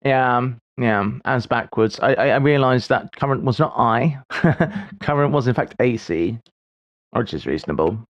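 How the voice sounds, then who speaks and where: A man's voice: mid-range voice, animated, unhurried, no room sound, muffled recording. A man in his forties streaming live, musing aloud as he solves puzzles, with wry, self-deprecating asides. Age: 40s. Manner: muses aloud while solving puzzles. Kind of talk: casual livestream chat.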